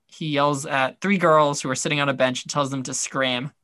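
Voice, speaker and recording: Man, podcast co-host, bright edgy voice, dead-dry sound, rambling, wry, lots of ums. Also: on the high side, steady tone, moderate pace, no echo. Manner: rambling, filler-heavy, wry. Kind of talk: casual recap chat.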